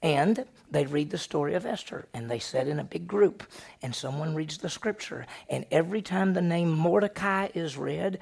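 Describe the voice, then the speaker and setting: A storyteller retells a Bible story to a group in a lively, conversational way. The voice is gravelly with a husky, slightly breathy grain. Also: mid-range voice, normal speed.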